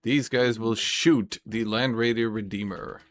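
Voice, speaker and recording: A man thinks aloud while playing a tabletop wargame, counting dice and swearing at his own mistakes in casual play commentary. His voice is fairly low, fairly even in intonation and fairly bright, with a slightly slow pace. The recording is dry.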